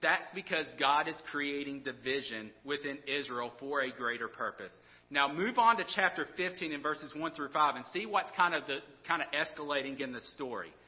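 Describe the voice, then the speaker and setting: A man's voice: on the high side, long reverb tail, muffled recording. A man preaching a sermon in a casual, conversational way, often restarting his words and checking in with the listeners. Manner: casual, conversational preaching with frequent restarts and "all right?" asides. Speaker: pastor.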